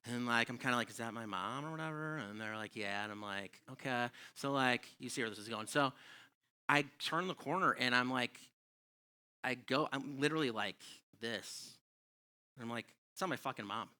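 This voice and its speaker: Bright-voiced man telling stand-up stories. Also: mid-range voice, moderate pace. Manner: profane, animated, exasperated storytelling. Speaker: stand-up comedian. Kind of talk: stand-up comedy storytelling. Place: comedy club stage.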